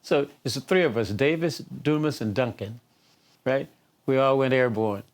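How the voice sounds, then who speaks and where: An older man from the Detroit area, a singer, is being interviewed and tells anecdotes, chuckling often. His voice is medium in pitch and moves at a normal speed.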